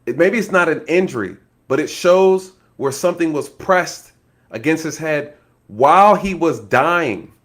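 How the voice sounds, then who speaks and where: A man with a somewhat high voice gives casual true-crime commentary, animated and speculative. He laughs often and keeps turning to his viewers. He plays out scenarios as he goes. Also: unhurried. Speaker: online commentator, former law enforcement.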